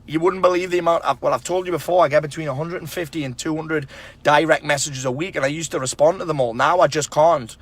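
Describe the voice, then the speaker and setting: A man's voice: on the high side, steady tone, fast. A man talking straight to camera, blunt and emphatic, swearing often as he gives tough-love advice to other men. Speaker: men's self-help speaker. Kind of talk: casual motivational monologue.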